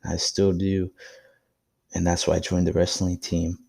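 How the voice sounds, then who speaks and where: A young man hosts his own podcast solo, telling a personal story in a casual, reflective, encouraging way. His voice is low, monotone and husky, a little slow and a little mellow, with vocal fry.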